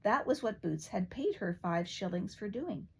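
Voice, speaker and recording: An older woman reading a fairy tale aloud in a lively, expressive way. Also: mid-range voice, normal speed, gravelly, husky. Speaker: storyteller.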